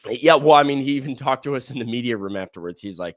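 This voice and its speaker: Excitable male sports podcast host. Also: medium pitch, quick pace, dry recording. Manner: excitable, rambling with restarts. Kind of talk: casual sports talk.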